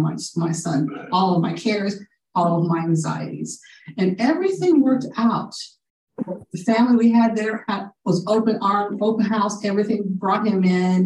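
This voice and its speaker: A woman sharing a personal faith testimony, halting, with fillers and restarts. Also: lowish voice, darkish tone, slight background noise. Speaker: prayer group member sharing a testimony. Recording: echoey room, from a distance.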